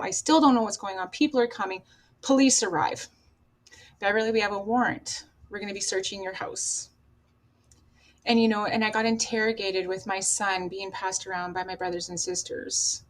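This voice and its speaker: Emotional Canadian woman telling her story. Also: mid-range voice. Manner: emotional, raw, halting. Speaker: podcast guest. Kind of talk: personal storytelling.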